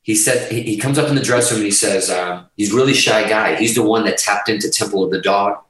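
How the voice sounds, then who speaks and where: Deep-ish guy swearing his way thru a story, sounds far from the mic in a big echoey room. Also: fast talker. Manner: profane, animated, rambling. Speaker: podcast guest, musician. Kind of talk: casual storytelling. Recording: roomy, distant mic.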